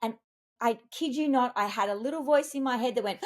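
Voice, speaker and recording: A woman speaking as a communications expert and executive coach in a podcast interview, telling stories in an animated, emphatic way with big leaps in pitch. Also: fairly quick. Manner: animated, emphatic storytelling with wide pitch jumps.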